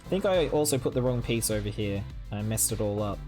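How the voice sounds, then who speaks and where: A woman with a low voice chats on a live stream, swinging her pitch up and down as she plays at being outraged. She is excitable and teasing with her viewers, and faint music runs underneath her. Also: fairly quick. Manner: playful mock outrage, excitable. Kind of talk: casual live-stream chat while building.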